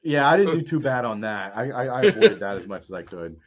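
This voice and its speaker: A man's voice: mid-range voice, big pitch swings, quick pace. A middle-aged man telling stories on a casual panel, rambling with many fillers and restarts. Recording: dull lo-fi audio.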